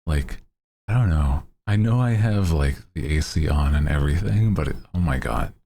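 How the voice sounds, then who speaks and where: A man's voice: expressive, normal speed, vocal fry, dark tone. A male VTuber streamer in laid-back casual chat, greeting viewers by name and chuckling often. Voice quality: deep voice.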